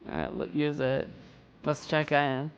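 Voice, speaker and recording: An excitable man chatting his way through a game stream. His pitch swings widely as he lurches from mumbled asides into high, incredulous outbursts. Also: unhurried, smooth, highs cut off. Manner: excitable, incredulous, jumps into loud high exclamations. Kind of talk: let's play commentary.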